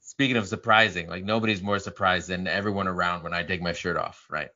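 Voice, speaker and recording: A man's voice: low-pitched, fairly even intonation, brisk, sharp tone. A man in his thirties, a father co-hosting a podcast, chatting in a jokey, rambling way and reading out listener comments. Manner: jokey, rambling, frequent "right?" tags. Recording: slightly muffled recording.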